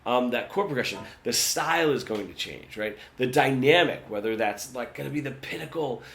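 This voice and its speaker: A man teaching guitar in a relaxed, conversational lesson, often checking in with "right?". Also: medium pitch, fairly quick, vocal fry, slight background noise. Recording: roomy sound with guitar.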